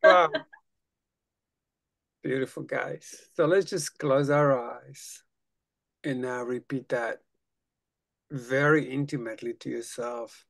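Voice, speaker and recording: Man, group leader on a video call, unhurried, gravelly, coaxing and playful. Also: medium pitch, fairly even intonation, no room sound. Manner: playful, coaxing, then hushed and slow when leading the meditation. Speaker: spiritual study group leader. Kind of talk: guiding a group affirmation lesson.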